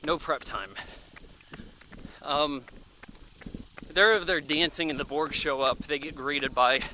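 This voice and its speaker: A man in his thirties talks through a film in a loose, rambling review. His voice is very bright and sharp and sits a little high, and he keeps it offhand and chatty, thinking out loud as he goes. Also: slow, a little hiss or hum. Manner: offhand and chatty, thinking aloud with many fillers. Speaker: movie reviewer. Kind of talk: casual rambling movie review.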